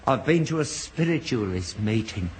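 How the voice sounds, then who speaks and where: A man's voice: on the low side, animated, moderate pace, darkish tone, slight background noise. An older man in a British radio sitcom, playing an earnest, gullible father who grows indignant when mocked.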